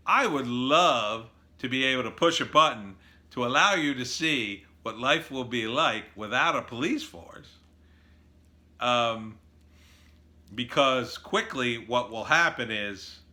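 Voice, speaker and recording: A man delivering a sarcastic, animated opinion monologue as a political commentator. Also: medium pitch.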